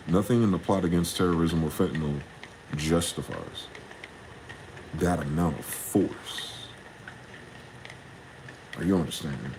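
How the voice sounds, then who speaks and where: A young man, ranting in a casual, profane solo monologue, jumping from heated questions to low muttering. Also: a little mellow, slight background noise, rough recording. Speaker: podcast host.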